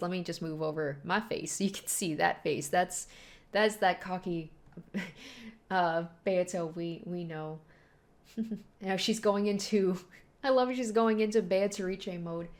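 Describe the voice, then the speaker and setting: A woman's voice: mid-range voice, measured pace. A woman casually reading a manga aloud and reacting to it, chatty and laughing often. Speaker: manga read-and-react host.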